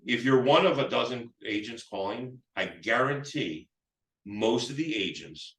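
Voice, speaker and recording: A man of medium pitch, with lively intonation and a slightly bright tone, speaks a little slowly as he trains real estate agents on phone scripts. Rambling and restarting often, he role-plays both sides, seller dialogue included, in this live talk recorded in an echoey room with a far-off mic.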